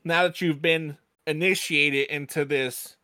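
A man co-hosting a casual podcast, his voice bright and forceful, a little higher than most men's. He cracks jokes and laughs constantly, and the recording is dry and close. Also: unhurried, no room sound. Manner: laughs often, jokey and excitable. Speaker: podcast co-host. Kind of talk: casual group podcast banter.

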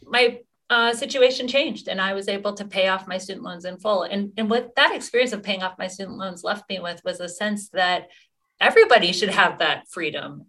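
A woman's voice: medium pitch, pushed and bright. A middle-aged woman activist answering interview questions earnestly, with many fillers and restarts. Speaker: activist guest.

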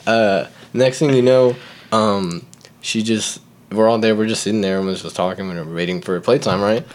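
Lowish young man telling a story. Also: moderate pace. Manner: animated, acts out quotes, laughs often, says "like" and "right?". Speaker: podcast guest. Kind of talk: casual storytelling chat.

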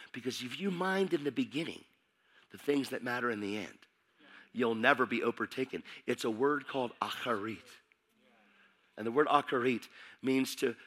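A middle-aged man preaching a sermon, excitable and building in intensity as he goes. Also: medium pitch.

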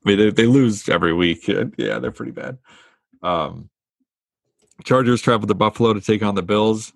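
Man, podcast co-host, low gravelly voice, relaxed and easygoing. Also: brisk, no room sound, studio quality. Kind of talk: casual sports chat.

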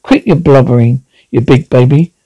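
A man playing a gruff, gun-loving older husband with a British accent, blustering and belligerent. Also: mid-range voice, normal speed, warm tone, dry recording, muffled recording, pitched below the performer's own voice, natural voice.

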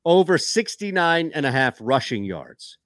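A fairly high-voiced man co-hosting a casual sports show, animated and jokey, trading quick lines with his co-hosts. The sound is dry and close, with no room around it. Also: no room sound. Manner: joking, animated, quick back-and-forth. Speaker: sports talk co-host.

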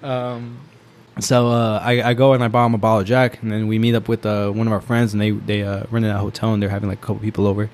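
Young adult male, casual storyteller, rapid and rambling with filler words, laughs a lot. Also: fairly low pitch, level tone, darkish tone, slight background noise. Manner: laughs often while telling. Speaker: storyteller guest.

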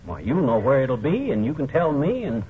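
An actor playing a boastful, blustering middle-aged husband with pompous speechifying, in a 1940s radio comedy. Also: male voice, medium pitch, sing-song, brisk, natural voice. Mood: blustery. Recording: tinny old radio broadcast, faint hiss.

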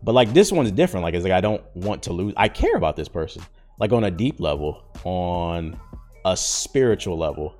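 A man's voice: low-pitched, sing-song, moderate pace, darkish tone, soft background music. A man around thirty talking in slangy casual chat as a podcast host, rambling with lots of fillers. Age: 30s.

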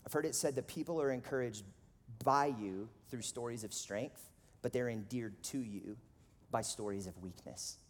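Male pastor, 30s, mid-range voice, relaxed conversational preaching, big reverberant church hall. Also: medium pitch, moderate pace. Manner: casual, conversational, animated storytelling with frequent "like". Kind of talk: sermon. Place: church auditorium. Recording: long reverb of a large hall.

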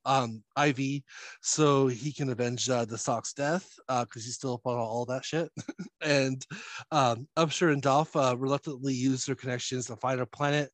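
A man's voice: mid-range voice, no echo. A man casually recapping a comic series, full of fillers and chuckles as he talks. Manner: rambling, many fillers and chuckles. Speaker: podcast host.

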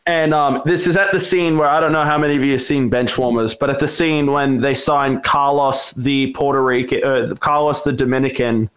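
A man's voice: mid-range voice, steady tone, normal speed, hardly any pauses, a bit bright. A man casually telling a wild story, swearing constantly and acting out the voices in it. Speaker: storyteller guest.

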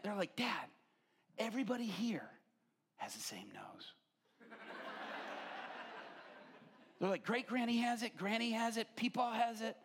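A middle-aged man preaching a sermon, telling stories animatedly and rising to near-shouts. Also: very high voice, breathy edge. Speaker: pastor.

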